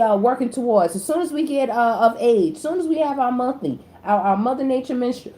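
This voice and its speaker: A woman giving a casual tarot reading. She talks to her viewers directly in slangy speech, jumping from loud exclamations to low muttered asides. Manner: slangy, addresses the audience directly. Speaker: tarot reader. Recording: echoey room with faint background noise.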